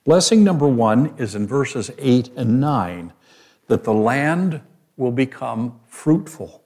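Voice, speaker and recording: A man preaching in a slow, unhurried way, his voice mellow and warm. He reads scripture passages aloud and explains them verse by verse. Now and then he stops to put a question to his listeners. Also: mid-range voice, sing-song. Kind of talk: sermon, Bible teaching.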